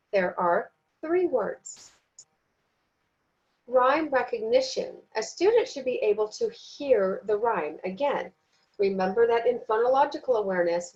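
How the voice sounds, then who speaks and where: A woman giving a recorded training lesson, speaking slowly and deliberately and sounding out words syllable by syllable. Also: medium pitch, darkish tone, lo-fi sound. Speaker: teacher trainer.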